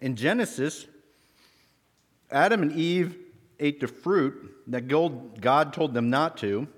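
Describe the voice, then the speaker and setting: A man's voice: on the high side, slow pace, big-room sound. A man giving a children's object lesson, quizzing the kids in a friendly, teacherly way.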